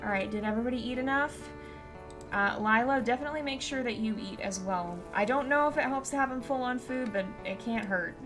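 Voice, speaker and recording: A woman streaming a wildlife game, chatting casually with viewers and reacting out loud to what happens. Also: on the high side, brisk, over music. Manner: chatty, reacts loudly and squeals when scared; soft and gentle when giving advice to viewers. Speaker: gaming streamer. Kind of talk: casual let's-play commentary.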